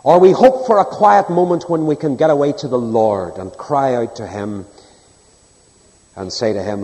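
A man preaching a sermon, telling stories earnestly, swinging between loud emphasis and a soft hush. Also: medium pitch, normal speed. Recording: long hall reverb.

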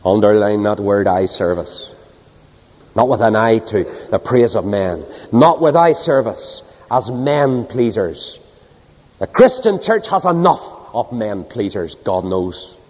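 A man preaching a sermon and reading scripture, swinging between soaring high cries and low hushed drops. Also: lively intonation, takes it slowly. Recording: long hall reverb.

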